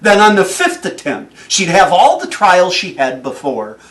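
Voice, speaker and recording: A man giving a motivational speech, telling stories in an animated way and chuckling often. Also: high-pitched, a little slow, far from the mic. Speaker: motivational speaker.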